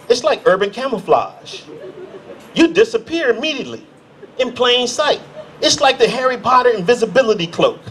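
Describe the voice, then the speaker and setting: High-voiced American man doing stand-up. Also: fairly bright tone, slight background noise. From United States. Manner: storytelling, acts out characters in quick voices. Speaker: stand-up comedian. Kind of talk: stand-up comedy set. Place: comedy stage.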